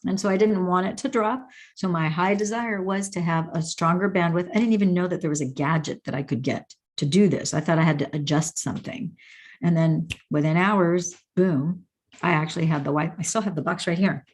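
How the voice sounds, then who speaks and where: A woman host with a slightly low voice answers viewer questions one by one. She talks with warm enthusiasm and an animated delivery, often bursting into excited exclamations. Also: brisk.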